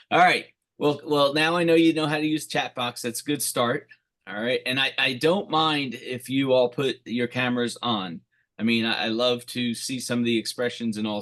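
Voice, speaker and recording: A man's voice: medium pitch, a bit bright. A middle-aged man, a referee coach, presenting on a video call in an upbeat, encouraging way and reading chat replies aloud.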